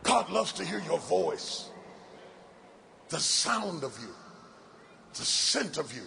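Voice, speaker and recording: A middle-aged man preaches a sermon at a large event on a stage microphone, his rhythmic delivery building to shouted, sing-song cadences and dropping into playful folksy asides. His voice is a little high, very animated, slow, and has vocal fry, with a little hiss or hum.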